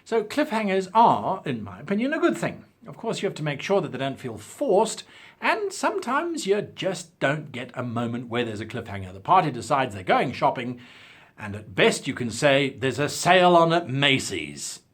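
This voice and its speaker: A man's voice: on the high side, slightly rough. A South African man with a careful British-style diction, hosting a talking-head advice video in a theatrical, emphatic way. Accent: South African English, with crisp British-style diction. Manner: theatrical, lively delivery with drawn-out emphasis. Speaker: channel host.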